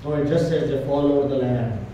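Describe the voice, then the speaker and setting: A man's voice: mid-range voice, normal speed, warm tone, slight background noise. A man preaching a church sermon with emphatic, repetitive delivery. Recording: echoey church hall from far off.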